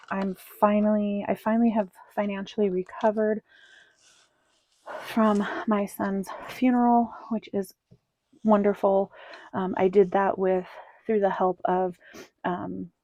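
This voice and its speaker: Brief: woman vlogger, warm dark tone, relaxed rambling budget chat, soft murmured counting. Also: mid-range voice, slight background noise. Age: adult with children. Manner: rambling with many ums, counting bills under her breath. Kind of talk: casual cash-stuffing walkthrough.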